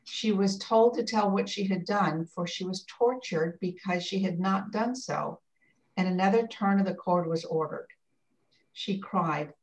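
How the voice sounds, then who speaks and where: A woman reading a text aloud for her class over a video call, steady with brief slips. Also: mid-range voice, moderate pace, far from the mic, low-quality recording.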